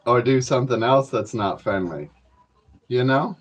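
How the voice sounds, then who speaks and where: A man's voice: mid-range voice, lively intonation, measured pace. Rambling, foul-mouthed man ranting to camera. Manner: rambling, profane, mumbled asides. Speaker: comedy character host. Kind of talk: crude comedic rant to camera.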